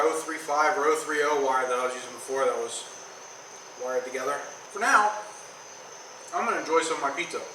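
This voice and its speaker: A man's voice: a little high, distant mic, a little hiss or hum. A man running a welding vlog, talking casually about his work in a metal workshop and swearing when the job goes badly. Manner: plain-spoken, swears when frustrated. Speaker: welder vlogger. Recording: roomy, off-mic, loud music behind.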